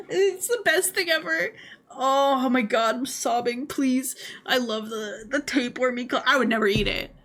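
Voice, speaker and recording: A young adult woman giving casual livestream commentary, animated, laughing often and swearing freely. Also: sits high, unhurried. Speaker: streamer.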